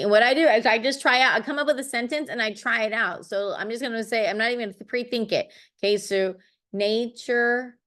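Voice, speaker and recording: A woman's voice: on the high side, creaky, a bit bright. A middle-aged woman teaching a poetry lesson. She thinks aloud while she writes and keeps checking in with "okay.". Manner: encouraging, checks in with frequent okays. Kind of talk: classroom-style poetry lesson.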